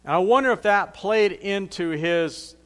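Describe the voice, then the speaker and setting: A man's voice: sits high, measured pace, smooth. A man preaching a sermon in a conversational, plain-spoken way, reading scripture aloud and then explaining it.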